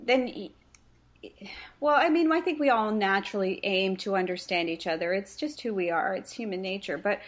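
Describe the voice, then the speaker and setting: Woman coach, podcast guest, earnest and explanatory, mid-pitched voice. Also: a little fast, hardly any pauses. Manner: earnest, explanatory, tells client stories. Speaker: face reading practitioner and coach. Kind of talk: conversational podcast interview.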